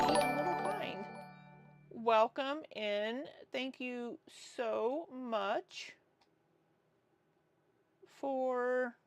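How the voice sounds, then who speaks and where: A woman hosting a casual reaction livestream, talking bluntly and sarcastically and swearing freely. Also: fairly high pitch. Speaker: livestream commentary host.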